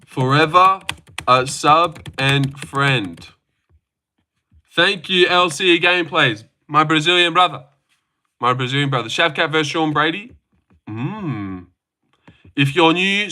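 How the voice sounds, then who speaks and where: A man streams live, chatting with his viewers in a crude, joking, boastful way. His voice sits somewhat high and rings sharp and bright. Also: animated, takes it slowly. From Australia. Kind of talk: live-stream reaction chat, reading chat aloud.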